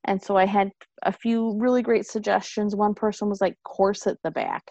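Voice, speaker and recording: A woman chatting casually, rambling and animated as she tells a story, with frequent restarts. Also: mid-range voice, moderate pace, dry recording, lo-fi sound. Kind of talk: casual chat.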